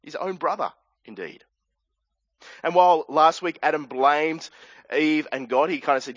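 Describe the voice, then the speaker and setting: Australian man, sermon, slightly high voice, dry lo-fi recording. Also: animated, a little slow, fairly bright tone, no room sound. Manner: earnest, explanatory, with asides and restarts. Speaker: preacher. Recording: dry, dull lo-fi sound.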